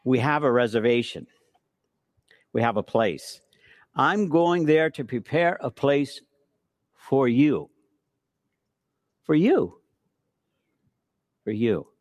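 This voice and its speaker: A middle-aged man preaching a sermon, telling stories with emphatic repetition and shifting between hushed and forceful delivery. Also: mid-range voice, slow, long pauses, no room sound, studio quality. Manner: storytelling preacher, emphatic repetitions, animated swings from soft to loud. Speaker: pastor.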